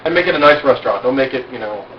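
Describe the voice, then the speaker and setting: A man's voice: medium pitch, lively intonation, racing, a little hiss or hum. A man holding forth to a small group in a frank, self-assured, boastful way, full of rhetorical questions, at an outdoor cookout. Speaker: group speaker giving informal instruction. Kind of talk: casual instructional talk to a small group. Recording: roomy, distant, dull amateur recording.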